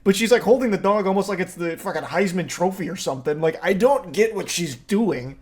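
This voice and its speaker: A man narrating reaction commentary in a sarcastic, profane way. His voice sits a little high for a man and often tips into dry mockery. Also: lively intonation, brisk, darkish tone, husky. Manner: sarcastic, profane, breaks into laughter.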